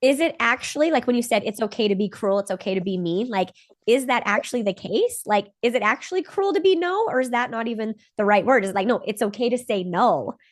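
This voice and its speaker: A woman's voice: fairly high pitch, sing-song, quick pace. A woman hosting a podcast, enthusiastic and laughing easily, with lots of "like" in her chat. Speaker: podcast host.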